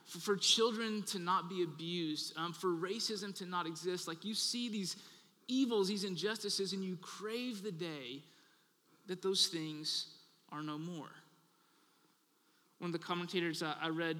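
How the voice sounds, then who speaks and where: A man preaching a sermon as pastor, earnest and repetitive, letting his phrases trail off softly at the ends of points. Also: sits high. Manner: talks with children in the audience. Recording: long hall reverb.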